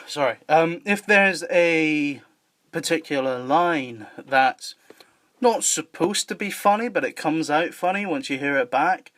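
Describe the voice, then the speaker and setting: A man's voice: on the high side, a little slow, sharp tone, slight background noise. A man hosting a podcast in casual chat, rambling and joking with lots of fillers and laughs. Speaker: podcast host and filmmaker.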